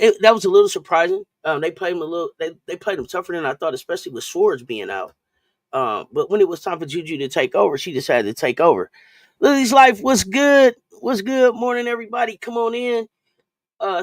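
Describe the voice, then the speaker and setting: A woman's voice: low voice, dry recording. A woman hosting a casual sports talk live stream, chatty and loose, often repeating and restarting her phrases while greeting viewers.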